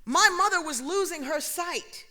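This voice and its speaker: A middle-aged woman speaks to an audience with a high, bright voice. She tells personal stories with humor and energy, and she acts out the dialogue as she goes. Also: unhurried. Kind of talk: storytelling speech.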